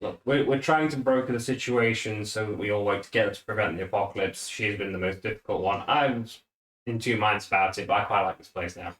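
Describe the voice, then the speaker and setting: Man player, measured and diplomatic, echoey room. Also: fairly low pitch, fairly bright tone. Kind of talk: in-character game chat.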